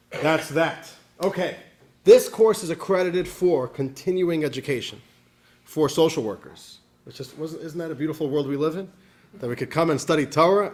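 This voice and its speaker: A man, a rabbi, teaching a class in an animated storytelling manner, dropping in Yiddish words. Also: a little high.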